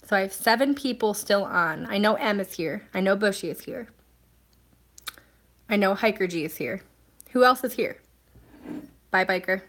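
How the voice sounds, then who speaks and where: A woman's voice: mid-range voice, lively intonation, moderate pace, long pauses, a bit bright. A woman hosting a casual live stream, chatting and answering viewer comments in a rambling way with plenty of ums and restarts.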